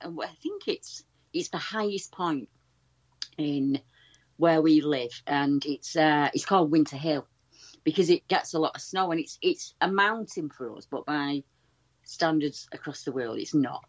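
Low-voiced woman, dull line. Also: measured pace. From England. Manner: chatty, animated retelling with many restarts. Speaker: guest researcher. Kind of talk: casual storytelling over a call.

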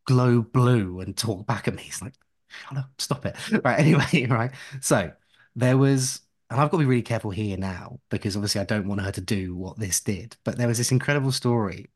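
A man with a lowish voice, talking at home in a relaxed podcast chat. He rambles and drifts off on tangents, with laughing asides along the way. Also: fairly quick. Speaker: podcast co-host.

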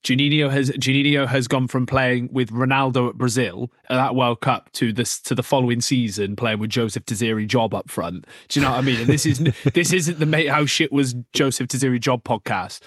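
A man's voice: mid-range voice, steady tone, a little fast, hardly any pauses, fairly bright tone, no echo. A young man chats loosely about football, full of restarts and laughter. His voice sits in a middle register. The sound is close and dry, with no room behind it. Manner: rambling, jokey, laughs often, many restarts. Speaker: podcast host. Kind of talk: casual football podcast chat.

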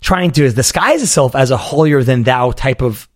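An earnest man hosts a relaxed conversation, walking through spiritual ideas with animated asides. His voice sits at a middle pitch and comes through dry and close, with no room sound around it. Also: moderate pace, no echo. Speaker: podcast host. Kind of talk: casual conversational interview.

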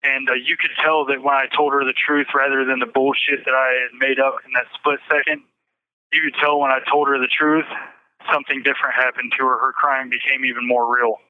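A man giving a halting personal account in an interview, often repeating himself and restarting sentences. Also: medium pitch, level tone, no echo. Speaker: interview guest. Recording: tinny phone line.

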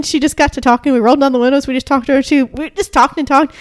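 A woman's voice: high-pitched, fast, no room sound, studio quality. An American woman co-hosting a casual podcast chat, telling stories and acting out the quotes with laughs. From United States. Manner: animated storyteller, acts out quotes with laughs. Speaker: podcast co-host.

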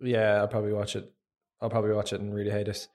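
A young Irish man co-hosting a podcast, chatting about films and getting excitable when incredulous. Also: lowish voice, very fast. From Ireland. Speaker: podcast co-host. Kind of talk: casual film-review chat.

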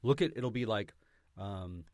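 Lively teasing male podcast co-host. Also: on the low side, measured pace, no echo. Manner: teasing, asks questions, lively reactions. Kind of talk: casual chat.

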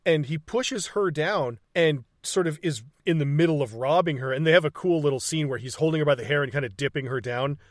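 A man with a fairly high voice recaps a movie in loose, casual chat. He swears freely, laughs through his sentences and slips into the characters' lines. The sound is close and dry. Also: a little fast, few pauses, dry recording. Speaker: podcast co-host.

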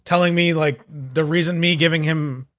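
A man's voice: fairly high pitch, fairly even intonation, normal speed, fairly bright tone. A man on a casual podcast telling meandering stories in a laid-back way. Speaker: podcast co-host.

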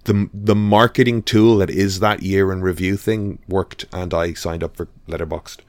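A man's voice: low voice, flat delivery, normal speed, no room sound. A man hosting a podcast in casual chat, rambling and hesitant with lots of fillers. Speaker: podcast host.

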